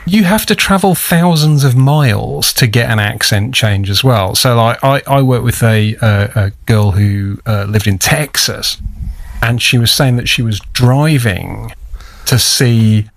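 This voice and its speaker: A man with a Northern English accent co-hosts a casual podcast, rambling and swearing freely. His voice sits at a middling pitch. It is recorded close and dry, with no room sound. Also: unhurried, vocal fry, no room sound. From Lancashire, England. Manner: sweary, rambling, laughs often. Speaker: podcast co-host. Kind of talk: casual chat.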